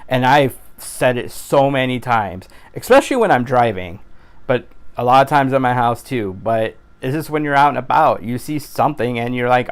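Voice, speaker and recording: A man talking in a casual vlog monologue, earnest and rambling, with frequent restarts and animated exclamations. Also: mid-range voice, moderate pace, smooth. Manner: animated exclamations of his catchphrase. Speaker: YouTuber.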